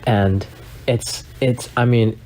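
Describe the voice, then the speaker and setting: A man delivers an absurd comedy monologue in a flat, deadpan way. He stumbles and stalls, repeating words over and over before pushing on. His voice sits at an ordinary, middle pitch. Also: slight background noise. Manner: halting, many repeated words and restarts.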